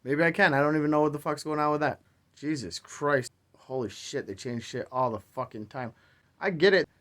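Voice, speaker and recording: A man's voice: on the high side, fairly quick, fairly bright tone. A man hosting a crypto video, talking in a profane, exasperated, rambling rant with sarcastic asides. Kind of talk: ranting casual commentary.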